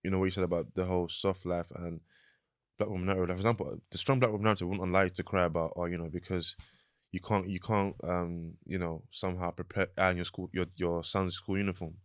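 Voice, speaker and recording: Young man, low voice, meandering co-host, dry close sound. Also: flat delivery, quick pace, clear, resonant tone, dry recording. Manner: rambling, searching for words, many fillers. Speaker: podcast co-host. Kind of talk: casual podcast conversation.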